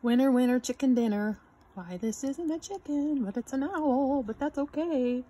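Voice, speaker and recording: A woman's voice: high voice, normal speed, dark tone, slight background noise. A woman hosting her own channel, gushing and exclaiming as she unboxes a gift box. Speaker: channel host. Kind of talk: unboxing vlog.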